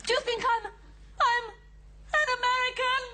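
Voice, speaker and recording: A woman's voice: very high voice, little pitch movement, moderate pace, sharp tone, full character voice. A squealing, giddy, tearful woman. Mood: hysterical.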